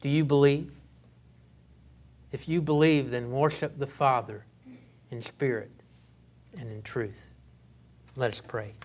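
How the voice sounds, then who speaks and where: A male pastor preaching a sermon in an earnest way, often halting and restarting his sentences. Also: mid-range voice, fairly even intonation, a little mellow, a little hiss or hum.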